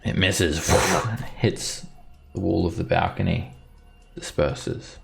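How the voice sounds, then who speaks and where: A man's voice: sits low, steady tone, slow pace, gravelly, loud music behind the voice. A man running a tabletop game as dungeon master, narrating easily with chuckles and fillers.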